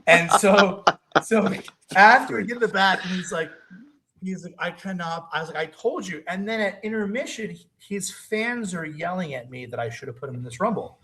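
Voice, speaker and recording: A man guesting on a wrestling talk show, telling stories in a casual, animated way and laughing often between lines. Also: sits high, moderate pace, poor audio. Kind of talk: casual storytelling chat.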